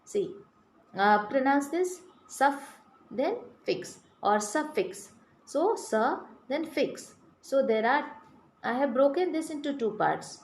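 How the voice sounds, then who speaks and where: In an echoey room with faint background noise, a woman teaches children a grammar lesson, spelling words letter by letter and questioning the class. Her voice is high-pitched with lively intonation, and she takes her time.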